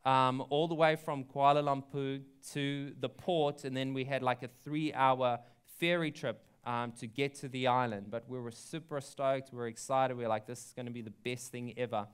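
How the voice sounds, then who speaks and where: A man's voice: mid-range voice, fairly even intonation, normal speed, clear, resonant tone. A young adult man, a pastor, telling a story in a sermon in a chatty way, with many ums and likes. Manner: chatty, frequent ums and likes, laughs at his own story.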